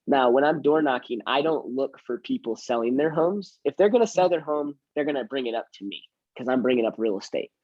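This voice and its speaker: A man's voice: mid-range voice, animated, brisk, hardly any pauses, a little mellow, no room sound, dull audio. A man who works in real estate, chatting casually and teaching, self-mocking and acting out his door-knocking lines. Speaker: real estate agent and trainer.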